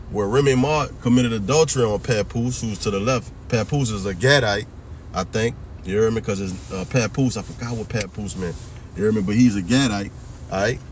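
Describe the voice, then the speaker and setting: A man's voice: mid-range voice, a little hiss or hum. A man giving a ranting, preachy commentary monologue that mixes in profanity and keeps asking whether the listener hears him. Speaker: religious commentary vlogger.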